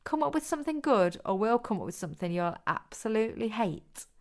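A bossy young woman barks out instructions and teases without mercy, as a woman reader puts her on. The voice sits well above the reader's own, loud and clear, pushed forward with a smooth tone. It comes across as a storybook reading. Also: a little high, sing-song, brisk. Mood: teasing commanding. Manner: commanding, instructive.

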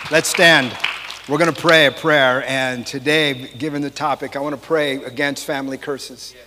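A man's voice: mid-range voice, steady tone, normal speed, bright, forceful tone, long reverb tail, a faint crowd. A pastor leading his congregation in a fervent, commanding prayer. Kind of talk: sermon and prayer. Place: church sanctuary.

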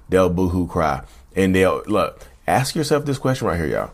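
Male host, deep voice, casual to-camera chat, repetitive and folksy. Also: lively intonation, normal speed. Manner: conversational, repeats himself, addresses viewers as y'all. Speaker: channel host.

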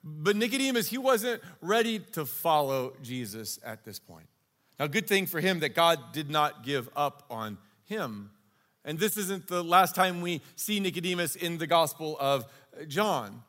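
A man's voice: on the high side, animated, unhurried, pushed and bright. A man teaching a sermon in an earnest, conversational way. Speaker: pastor. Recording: long reverb of a large hall.

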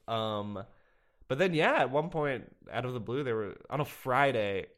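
A young man telling a story on a podcast in an everyday voice of middle pitch. He rambles, laughs at himself often and fills his talk with ums and likes. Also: expressive, normal speed, fairly bright tone. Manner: rambling, self-deprecating, laughs often, many fillers. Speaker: podcast guest. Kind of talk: casual chat.

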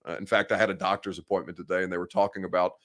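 Blunt low-voiced young man hosting. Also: little pitch movement, rapid-fire, a bit bright. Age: 20s. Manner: blunt, candid, rambling. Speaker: sports talk show host. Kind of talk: casual live show chat, reading viewer comments. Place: office.

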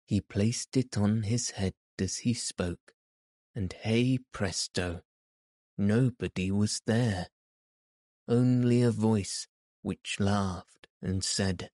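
Slow, mellow male storybook narrator. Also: on the low side, dry recording, studio quality. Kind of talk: storybook reading.

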